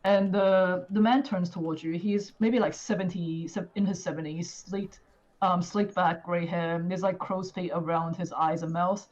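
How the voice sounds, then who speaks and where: Low-voiced woman running a game. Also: steady tone, normal speed, a little mellow. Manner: casual, many fillers. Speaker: game master. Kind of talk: narrating a tabletop game. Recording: dull lo-fi audio.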